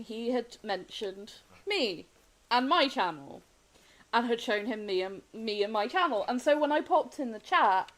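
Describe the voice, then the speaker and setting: A woman's voice: fairly high pitch, rough recording. A young woman streaming a game and chatting casually with viewers, rambling, laughing often and restarting her sentences. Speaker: gaming streamer. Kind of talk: casual chat while live-streaming a game.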